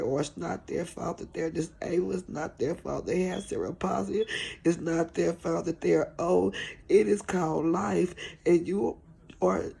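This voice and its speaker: A woman's voice: fairly low pitch, gravelly, warm tone, husky. A middle-aged woman caregiver vlogging in an earnest, pleading, repetitive way about showing compassion. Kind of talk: heartfelt preachy vlog talk.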